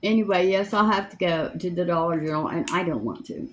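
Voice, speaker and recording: A woman's voice: lowish voice, animated, fast. A woman, chatting in a rambling, homespun way as she does her makeup at home. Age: 70s. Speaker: makeup vlogger. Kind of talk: casual chat while doing makeup. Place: home, seated in a chair.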